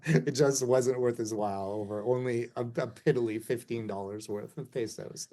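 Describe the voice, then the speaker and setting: A man tells a casual story as a guest musician, animated and chatty, with plenty of fillers. His voice is warm and mellow. He breaks into laughter often. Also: medium pitch, moderate pace. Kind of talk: casual anecdote telling.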